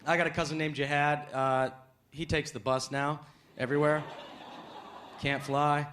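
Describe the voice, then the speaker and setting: Animated stand-up comedian, high-voiced man. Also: moderate pace. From United States. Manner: animated, punchy delivery, bursts into shouts. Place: stage before a live audience. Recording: live show with loud crowd and noise.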